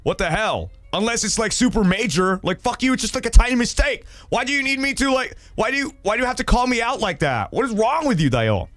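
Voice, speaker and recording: A young adult man hosting a casual livestream, reading viewer stories and reacting in an animated, rambling way with lots of fillers and swearing. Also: extremely high pitch, brisk, few pauses, no room sound, soft background music.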